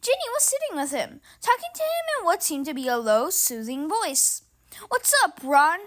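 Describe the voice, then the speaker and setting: A woman with a high, bright-pitched voice reads a novel aloud. Her delivery swings up and down with a lot of movement, and she stumbles and restarts over a word now and then. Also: normal speed. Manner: lively, with small stumbles and restarts. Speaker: reader.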